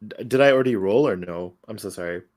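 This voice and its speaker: A man chatting casually as a player in a tabletop game, excitable and rambling, often correcting himself. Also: lowish voice, quick pace.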